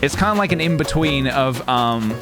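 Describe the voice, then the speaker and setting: A man's voice: medium pitch, expressive, normal speed. A man streaming a game live, chatting to viewers in a playful, giggly way. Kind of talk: casual live-stream chat while gaming. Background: game music.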